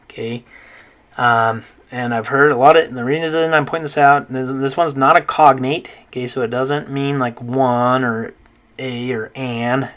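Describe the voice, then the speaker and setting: A man's voice: medium pitch, unhurried. Easygoing man teaching with constant "okay"s. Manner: relaxed, many fillers and check-ins like "okay?" and "right?". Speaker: Spanish teacher. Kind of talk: casual spoken lesson.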